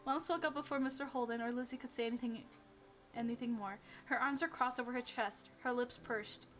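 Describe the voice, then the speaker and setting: A woman's voice: a little high, fairly even intonation, a little fast, a bit bright. A young woman streamer reading a story game aloud, chatting animatedly and giggling between lines.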